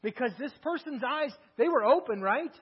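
A man's voice: extremely high pitch, animated, moderate pace, slightly rough. A male preacher giving a sermon, telling the story in a conversational way with many rhetorical questions. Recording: echoey hall, dull lo-fi sound, mains hum.

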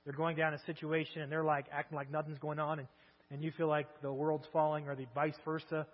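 A man's voice: fairly high pitch, level tone, a little fast. A male preacher giving a sermon, telling the story in a conversational way with many rhetorical questions. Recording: echoey hall, dull lo-fi sound, mains hum.

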